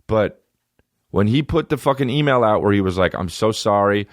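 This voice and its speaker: A man in his thirties hosts a comedy podcast, riffing profanely and slipping into mocking voices. He speaks briskly and expressively in a voice on the low side, with a dry, studio-quality recording.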